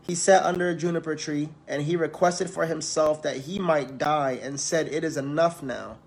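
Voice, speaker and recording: A man's voice: fairly high pitch, steady tone, normal speed, vocal fry. A man preaching, reading scripture aloud and talking to the congregation in a conversational way. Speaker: preacher and counselor in training.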